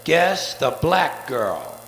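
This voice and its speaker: A man doing a live stand-up routine, profane and sardonic, with rapid-fire wordplay, on a theater stage before an audience. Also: a little high, sing-song, a bit bright. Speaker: stand-up comedian. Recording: echoey live soundboard tape with faint hiss.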